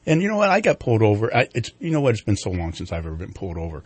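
A man's voice: mid-range voice, very animated, very fast, few pauses, slightly rough, dry recording. A middle-aged man co-hosting a talk show, chatting casually and rambling with many restarts. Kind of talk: casual conversation.

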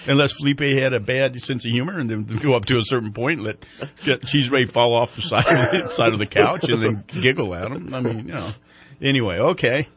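A man's voice: medium pitch, brisk, a bit bright. A man hosting a TV morning show, chatting casually and telling rambling jokes. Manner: joking, rambling storyteller. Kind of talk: casual chat.

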